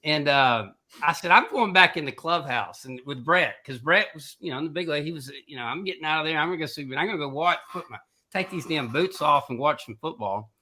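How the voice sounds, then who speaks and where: A middle-aged man co-hosting a podcast, telling a long casual anecdote in an animated way and laughing through his own story. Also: a little high, fairly quick. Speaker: podcast co-host.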